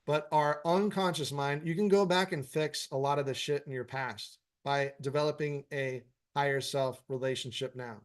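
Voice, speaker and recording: A man's voice: a little high, fairly even intonation, moderate pace, few pauses, clean tone. Man, meditation teacher, informal live Q&A, blunt and profane but encouraging. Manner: frank, profanity-laced, encouraging. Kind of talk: casual live Q&A, reading viewer comments.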